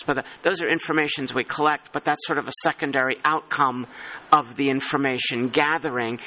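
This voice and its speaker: A man chairing a working group meeting, talking in halting, thinking-aloud phrases with many restarts. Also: on the high side, bright, forceful tone, low-quality recording. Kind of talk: meeting discussion.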